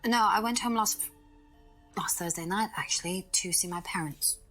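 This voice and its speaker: A woman's voice: lowish voice, normal speed, sharp tone, soft background music. A nervous young woman suspect in a filmed mystery game. She stumbles and restarts her answers as if choosing each word with care. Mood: guarded. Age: young adult. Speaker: suspect being questioned.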